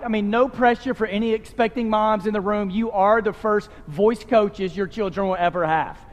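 A man's voice: high voice, long reverb tail. A man preaching a sermon to a live congregation, talking conversationally and tossing in joking asides. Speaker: pastor. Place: church sanctuary with live congregation.

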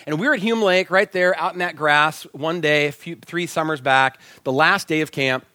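A male pastor delivering a sermon in a slightly higher voice, full of lively storytelling. He shifts his tone to act out little dialogues and can sink nearly to a whisper for a reflective line. The sound is close and dry. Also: normal speed, dry recording. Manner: animated, acts out quoted dialogue, drops to near whispers. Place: church sanctuary.

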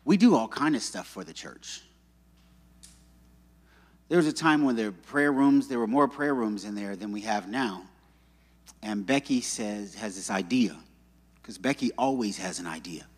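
A man preaching a sermon, telling stories and acting out quotes with animated delivery. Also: fairly low pitch, moderate pace, pauses often, slightly rough. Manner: animated storytelling with acted-out quotes. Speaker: pastor. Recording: long reverb of a church hall.

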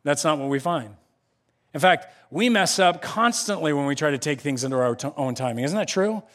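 A man delivers a lively sermon, his voice sitting fairly high for a man. He swings into the voices of the people he quotes as he preaches. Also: brisk. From United States. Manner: animated, acts out quoted voices. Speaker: pastor.

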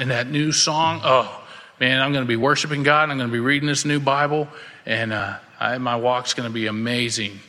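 A man's voice: medium pitch, sharp tone. A man preaching a casual, storytelling sermon as a pastor, acting out the voices in his stories. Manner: casual, folksy, acts out quoted voices. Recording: long hall reverb.

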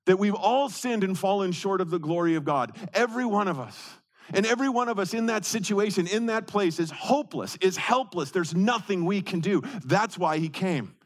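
Delivering a sermon, this male pastor stresses points by repeating key words, alternating rapid bursts with long, stretched phrases. His voice sits high and sounds animated.

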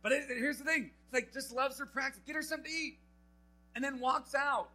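A young man giving a camp sermon to teenagers, telling a Bible story with lively acted-out quotes. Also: very high-pitched, brisk, faint music behind, poor audio. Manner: animated storytelling, acting out quotes. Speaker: camp speaker. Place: camp meeting hall.

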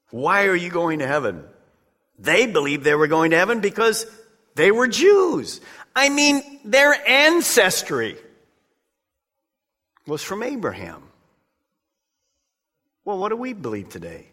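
A man preaching from the pulpit in a lively, swooping voice, calling on his listeners directly. His tone is bright and forceful. Long reverb from a large church sanctuary trails every phrase. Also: sits high. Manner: emphatic, conversational preaching with direct appeals to listeners. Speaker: pastor. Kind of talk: sermon.

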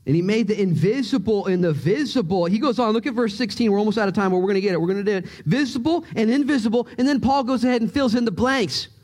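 High-voiced, animated male pastor preaching. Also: fast talker, hardly any pauses. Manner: animated, joking, excitable storyteller. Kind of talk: sermon. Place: church sanctuary.

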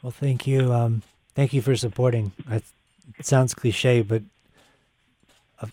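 Earnest young man, halting and candid. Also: mid-range voice, steady tone, background noise. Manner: earnest, halting with many fillers. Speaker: guest musician. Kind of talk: casual live radio talk.

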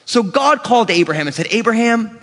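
A man preaching a sermon as pastor, animated and acting out quoted voices. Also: sits high, brisk. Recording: long church reverb.

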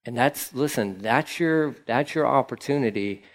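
A man's voice: mid-range voice, normal speed. A man preaching a sermon as pastor, in a casual, conversational manner with slangy asides.

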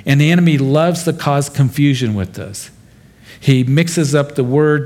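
A man's voice: a little high, measured pace, a little mellow. A pastor giving an expository sermon, talking to his congregation in a plain, conversational way and addressing them directly. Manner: conversational, speaks directly to the listeners.

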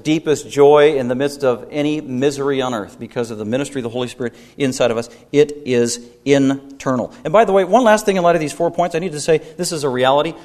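A man preaching a sermon as pastor, emphatic, with repeated phrases and pointed questions to the congregation. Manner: emphatic preaching with wide swings in pitch and loudness, repeated phrases.

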